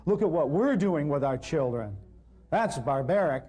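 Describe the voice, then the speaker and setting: Man telling wry stories, mellow voice. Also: fairly high pitch, animated, moderate pace, slightly rough. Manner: humorous, wry, self-deprecating. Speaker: natural healing lecturer. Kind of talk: anecdotal storytelling talk to a live audience. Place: live talk in front of an audience.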